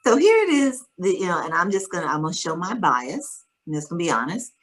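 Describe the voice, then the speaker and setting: A woman's voice: lowish voice, big pitch swings, fast, rough recording. A middle-aged woman, an interview guest and author, earnestly recounting a personal faith story with quoted dialogue.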